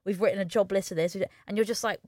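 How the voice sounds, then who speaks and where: A woman's voice: medium pitch, steady tone, darkish tone, no room sound. A young English woman, a musician, telling stories in a chatty way with lots of fillers and restarts. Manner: chatty, fast storytelling with many fillers and restarts. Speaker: musician guest. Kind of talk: casual podcast chat.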